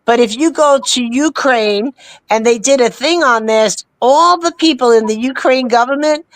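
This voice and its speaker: A woman's voice: sits high, normal speed, dry recording. A woman co-hosting a casual political chat show, telling stories in an emphatic, chatty way. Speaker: podcast co-host.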